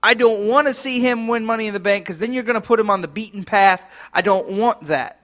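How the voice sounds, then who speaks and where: A man's voice: high-pitched, fairly quick, fairly bright tone. A man co-hosting a casual wrestling chat, talking loosely with lots of fillers and laughs. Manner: chatty, laughing, many fillers. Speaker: podcast co-host.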